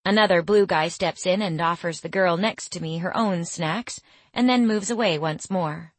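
A young woman narrating a first-person story in a measured, quietly bemused way, in a studio. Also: on the low side, dry recording. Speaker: audiobook narrator.

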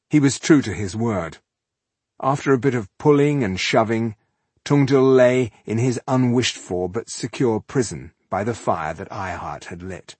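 Husky guy narrating fantasy, steady pace, dry close mic. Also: mid-range voice, no room sound. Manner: steady, measured storytelling. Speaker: audiobook narrator.

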